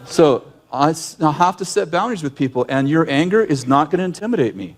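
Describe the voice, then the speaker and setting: A man teaches in a conversational sermon style, animated and emphatic. His voice sits a bit high for a man. He speaks bluntly and often breaks off to restart a thought. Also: a little fast. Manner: animated storyteller who acts out yelling scenes; direct and emphatic, with frequent restarts. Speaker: ministry leader and teacher.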